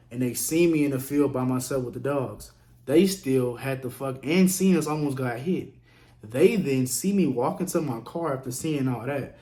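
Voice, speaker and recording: A man casually telling a story on his vlog, profane and animated, acting out what others said. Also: medium pitch. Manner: profane, animated, acts out quotes. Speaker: vlogger.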